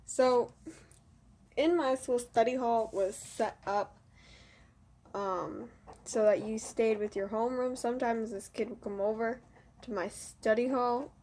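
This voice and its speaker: A teenage girl with a slightly high voice tells a school story in a loose, chatty way. She keeps restarting her sentences and pads them with "like" and "you know". She laughs at her own past behavior as she goes. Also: steady tone, measured pace, a little mellow. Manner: rambling, full of "like" and "you know", self-mocking. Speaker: student vlogger. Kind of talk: casual storytelling.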